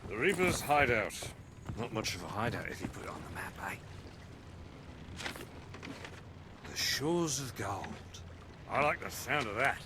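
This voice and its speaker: A swaggering pirate captain from a game, voiced by an actor, theatrical and slurring. His pitch swoops up and down in lively arcs. Faint noise sits underneath. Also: normal speed, natural voice. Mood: wry. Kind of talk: game character dialogue.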